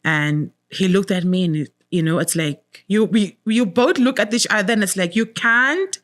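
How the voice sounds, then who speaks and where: A woman's voice: mid-range voice, moderate pace, fairly bright tone. A middle-aged woman as an interview guest, giving an emotional personal testimony, repeating words for emphasis and quoting her own prayers. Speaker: guest sharing her story.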